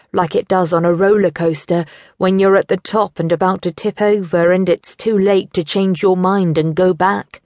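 A woman narrating a teen novel in first person, measured and wry. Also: on the low side, darkish tone, no room sound, clean studio sound. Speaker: audiobook narrator. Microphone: studio microphone.

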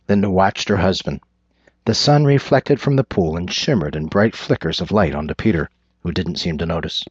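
A man narrating a thriller audiobook in a measured, descriptive way. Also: deep voice, slightly rough, no room sound. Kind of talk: scripted narration. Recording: dull lo-fi recording.

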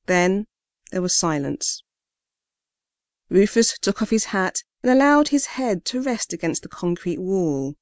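Audiobook narrator, female, low-pitched, measured storytelling, dry studio booth. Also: no room sound. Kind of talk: scripted narration of a short story.

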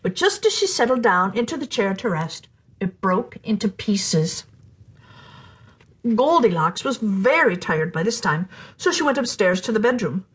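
Husky, animated storyteller woman. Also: medium pitch, measured pace. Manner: animated, playful, drops to a whisper for suspense. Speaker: storyteller host. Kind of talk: children's storybook narration.

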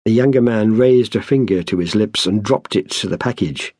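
A man's voice: on the low side, normal speed, darkish tone, slightly rough, dry recording. Man reading a novel aloud, dry. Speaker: author and narrator. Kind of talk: scripted audiobook narration.

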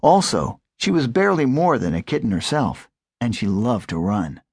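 A man narrating a children's audiobook with expressive storytelling. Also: medium pitch, moderate pace, creaky, breathy edge, dry recording, studio quality.

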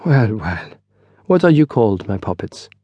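A man voicing a fastidious, disapproving foreign master mason in an audiobook. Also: on the low side, big pitch swings, dark tone, slightly rough, dry recording, muffled recording. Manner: disapproving, formal.

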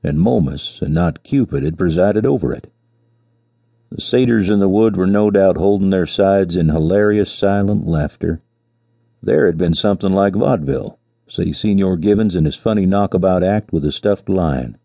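A man narrating a classic short story as an audiobook, in a measured storytelling manner. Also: sits low, creaky, mellow, breathy edge, dry recording. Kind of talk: scripted narration.

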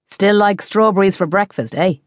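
A woman's voice: medium pitch, moderate pace, dry recording, studio quality, natural voice. A woman voicing a teasing chef, a grown man who jokes his way through the talk. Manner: wry, joking banter.

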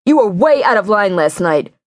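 A woman reading a weary, stern man who speaks in a flat, reproachful tone to his partner. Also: mid-range voice, normal speed, dry recording, clean studio sound, lightly acted.

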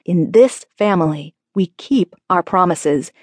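A woman's voice: on the low side, lively intonation, unhurried, dry recording, clean studio sound. A woman narrator voicing a stern, scolding middle-aged father in an audiobook. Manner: firm, scolding. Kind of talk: audiobook character voice.

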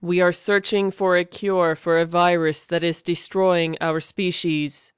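A man voicing a stiff, judgmental alien being who talks in a slow, flat, mechanical way. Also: high voice, smooth, no echo, studio quality. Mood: cold.

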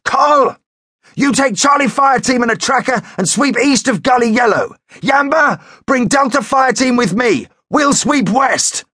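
A male narrator voicing a field officer shouting brisk commands to his squad. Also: extremely high pitch, animated, breathy edge, no room sound, studio quality, voice pushed up, full character voice. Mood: commanding.

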